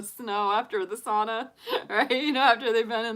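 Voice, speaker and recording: A woman's voice: a little high, moderate pace, a bit bright. A woman in her forties, a tarot reader chatting casually on a live stream and laughing often. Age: 40s.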